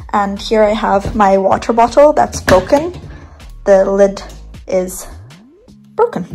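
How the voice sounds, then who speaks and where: Young woman vlogger, rambling room tour on a phone cam in a bedroom, soft music behind her. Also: mid-range voice, rough recording. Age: 20s. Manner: chatty, rambling, giggly. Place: bedroom, indoors.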